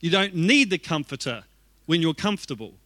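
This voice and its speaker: A pastor preaching a sermon to his congregation, lively and joking as he talks. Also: fairly high pitch, brisk, dry recording.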